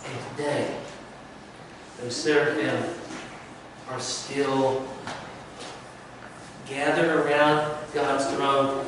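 Slow, emphatic preacher man in an echoey hall. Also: on the high side. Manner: slow, emphatic preaching with dramatic drops to a hush. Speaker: pastor. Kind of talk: sermon. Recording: echoey room, from far off, faint noise.

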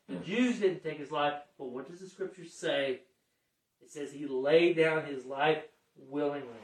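A man delivering a sermon in a fairly high voice, slow and deliberate, building to forceful emphasis and then falling quiet. The sound is roomy and echoing, as though the mic sits some way off. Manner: emphatic, dramatic swings from hushed to raised. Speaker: preacher. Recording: echoey room, mic at a distance.

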